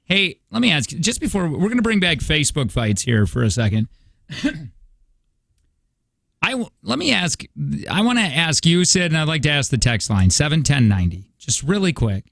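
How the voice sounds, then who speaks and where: A man's voice: a little high, big pitch swings, normal speed, gravelly, a bit bright, dry recording. A man in his thirties hosting a morning radio show, rambling through stories in casual chat. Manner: rambling storyteller, chatty. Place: radio studio. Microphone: studio microphone.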